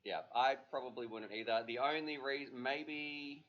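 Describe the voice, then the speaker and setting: A man with a mid-range voice hosts a livestream at a normal speed, chatting casually and rambling with lots of fillers. The audio is dull, lo-fi livestream sound.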